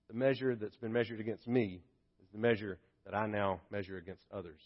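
Emphatic pastor preaching, lo-fi. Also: male voice, medium pitch, fast talker. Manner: dynamic, swings from hushed to loud and emphatic. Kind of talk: sermon. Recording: dull lo-fi sermon audio.

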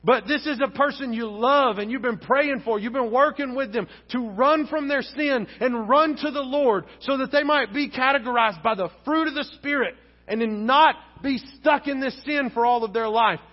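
A male pastor preaches with a very high-pitched voice, animated and theatrical. His voice rings with long reverb through a church hall. The recording is a bit dull and muffled. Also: normal speed. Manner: animated preaching, acting out dialogue. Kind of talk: sermon. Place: church sanctuary. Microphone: wearing a face mask.

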